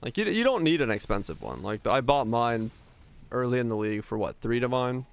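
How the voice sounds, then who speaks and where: A man's voice: medium pitch, very animated, a little fast, vocal fry. A young man streaming a game, chatting casually, answering chat questions and thinking aloud as he plays.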